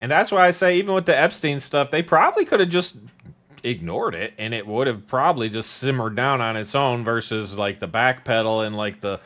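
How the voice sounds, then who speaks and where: A man co-hosting a casual podcast, talking in a rambling, sarcastic way and often trailing off mid-thought. His voice sits at a middling pitch, neither high nor low. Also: a little fast, fairly bright tone. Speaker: podcast co-host.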